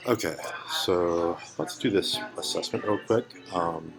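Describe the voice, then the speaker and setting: Low-voiced American man teaching slowly. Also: music in the background, low-quality recording. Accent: General American. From United States. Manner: relaxed and unhurried, with many ums and restarts. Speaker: English teacher. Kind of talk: classroom microlesson.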